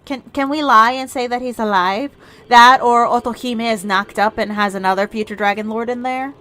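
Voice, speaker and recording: A woman's voice: on the high side, fairly bright tone. A woman giving jokey, rambling commentary while streaming a video game. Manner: jokey, rambling, quick asides.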